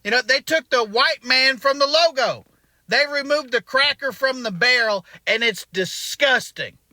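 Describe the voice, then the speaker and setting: A man's voice: very high voice, measured pace, bright, forceful tone, dry recording, exaggerated voice. A comedian playing an indignant man ranting about a restaurant. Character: angry Southern male restaurant regular. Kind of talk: comic monologue.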